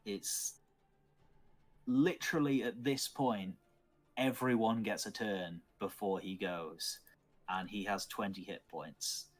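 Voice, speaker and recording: Low-voiced man running a tabletop game. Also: slow pace. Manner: matter-of-fact, narrating dice rolls. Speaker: dungeon master.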